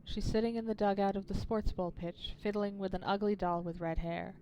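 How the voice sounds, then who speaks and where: A woman's voice: medium pitch, steady tone, brisk, mellow, highs cut off, slight background noise. A woman streamer reading a narrative game aloud, with wry, swearing asides to her chat. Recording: game music behind voice.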